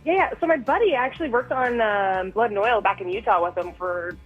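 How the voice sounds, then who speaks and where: A woman's voice: on the high side, fairly quick, husky, narrow, tinny audio, faint music behind. A woman chatting as a guest on a radio show by phone, telling stories and laughing easily. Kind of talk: casual phone interview. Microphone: phone line.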